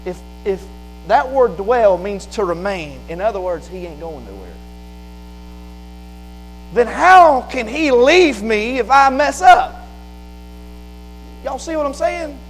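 A man preaching a sermon, moving from quiet, plain explanation to loud, fervent preaching. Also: extremely high pitch, animated, takes it slowly, poor audio. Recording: faint mains hum behind.

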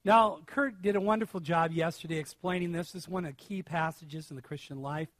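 Middle-aged man, high-pitched pastor, emphatic sermon delivery, dry close sound. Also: a little fast, dry recording. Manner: emphatic, swings from hushed to loud stress. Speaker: preacher.

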